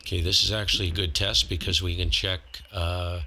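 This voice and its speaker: A man narrating a hands-on ham radio receiver comparison, explaining calmly as he tunes. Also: deep voice, a little fast. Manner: relaxed, explanatory, talks while tuning. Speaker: ham radio equipment reviewer.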